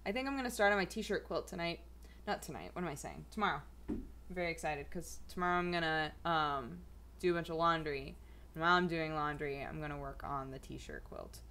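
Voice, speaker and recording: A woman's voice: deep voice, animated, brisk, bright, forceful tone. A young adult woman chatting casually at home in a rambling vlog, full of fillers. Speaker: vlogger. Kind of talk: casual chat.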